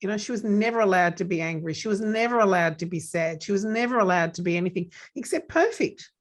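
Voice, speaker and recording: A woman's voice: medium pitch, expressive, quick pace. A woman podcast host, candidly sharing a personal story in casual conversation.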